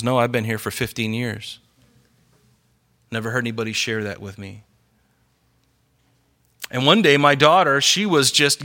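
A middle-aged man preaching a sermon in an earnest, conversational storytelling way, growing animated as he goes. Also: medium pitch. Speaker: pastor.

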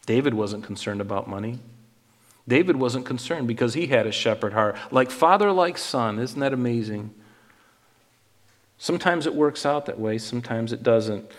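A male pastor with a somewhat high voice teaches scripture in sermon style. He slips into animated dialogue to voice God and Solomon. His words ring out with a long hall reverb.

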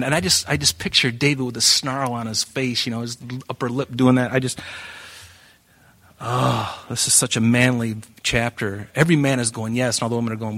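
A man preaching a sermon in an animated way, breaking into joking asides and acting out the voices of the people in his story. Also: medium pitch, moderate pace. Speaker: pastor.

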